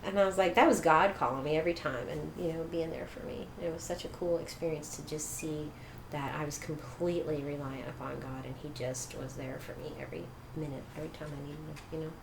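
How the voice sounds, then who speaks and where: Middle-aged female guest, animated storyteller, low-ish voice, echoey room recording. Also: fast talker, gravelly. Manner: animated, laughs often, acts out quoted dialogue. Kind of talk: personal storytelling. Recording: echoey room with faint noise.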